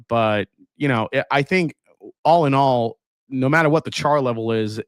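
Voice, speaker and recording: Casual male livestream host, relaxed and chatty, dry close mic. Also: mid-range voice, clean tone, no echo. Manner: relaxed, chatty, many fillers and restarts. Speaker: livestream host tasting whiskey. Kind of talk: casual live chat reading viewer comments.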